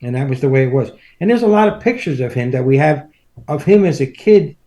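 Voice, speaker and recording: A man's voice: medium pitch, lively intonation, fairly quick, dark tone. A man in his seventies, a podcast guest, telling rambling family stories in casual chat and chuckling through them. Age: 70s.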